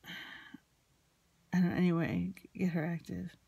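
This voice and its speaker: Creaky-voiced anxious woman confiding. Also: lowish voice, little pitch movement, unhurried, warm tone, dry recording. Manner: anxious, rambling, retelling a quarrel with quoted dialogue. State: emotionally shaken. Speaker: vlogger. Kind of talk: confessional personal storytelling.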